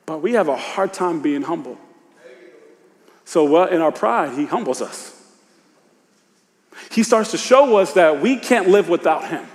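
Man, preacher, sermon, high voice, casual speech, hushed to shouting, long hall echo. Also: lively intonation, measured pace, pauses often. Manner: swings from hushed confession to shouted exhortation; informal Southern-tinged preacher speech, "y'all" and "ain't".

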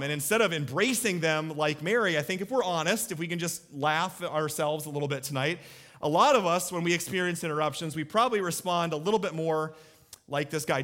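A man preaching a sermon as pastor, animated and acting out little voices for emphasis. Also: fairly high pitch.

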